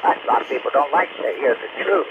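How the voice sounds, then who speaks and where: A man's voice: medium pitch, quick pace. Ranting man over tinny radio. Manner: blunt, ranting, repetitive. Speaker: ham radio operator. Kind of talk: on-air radio chat. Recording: noisy tinny radio receiver audio.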